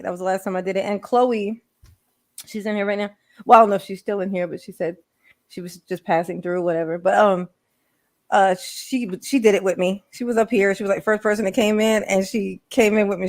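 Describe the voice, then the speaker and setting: A woman live streamer, chatting casually with viewers, rambling and laughing often. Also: medium pitch.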